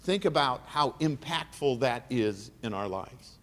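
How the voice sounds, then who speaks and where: A man's voice: mid-range voice, expressive, unhurried, a bit bright. A middle-aged man giving an emotional, earnest keynote speech at an awards dinner, repeating phrases for emphasis. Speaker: keynote speaker. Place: large banquet hall. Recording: reverberant banquet hall.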